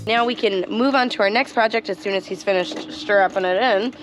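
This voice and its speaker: A woman's voice: mid-range voice, a little fast, poor audio. A woman co-hosting a van life vlog, chatting upbeat about their projects. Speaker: van life vlogger co-host. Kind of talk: casual vlog narration. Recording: faint music behind voice.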